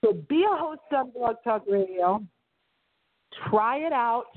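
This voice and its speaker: A woman's voice: animated, measured pace. Dramatic woman radio host on a phone line. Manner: dramatic, theatrical delivery with big pitch swings. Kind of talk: solo radio show monologue.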